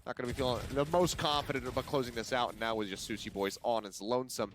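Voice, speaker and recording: A mid-pitched male caster calls a shooter match in a steady, analytical way. He tracks each move and explains what the teams are thinking. His voice sits at an ordinary, even pitch. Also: fast, slight background noise. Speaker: esports caster. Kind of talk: play-by-play commentary.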